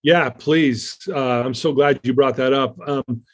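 A man's voice: medium pitch, steady tone, unhurried. A man as an interview guest, telling a personal story in an earnest, rambling way with many fillers and restarts.

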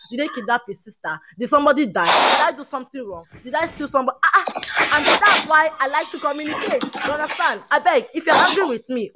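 A woman, chatting on a podcast panel and telling a story in an animated, emphatic way. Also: high-pitched, noisy background. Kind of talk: casual chat.

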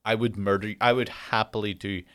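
A young man hosting a solo podcast, telling an exasperated travel story and ranting with heavy swearing and dark jokes. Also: on the low side, steady tone, brisk. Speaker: podcast host.

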